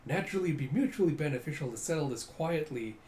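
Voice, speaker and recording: Man putting on a high, oily karate master. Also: lively intonation, fast talker, darkish tone, slight background noise, lightly acted. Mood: smarmy. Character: fawning scheming male karate master.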